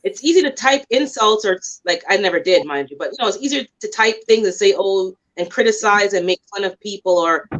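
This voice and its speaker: A woman's voice: mid-range voice, animated, a little fast, hardly any pauses. A woman chatting casually on a livestream, greeting viewers as she talks. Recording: dull lo-fi stream audio.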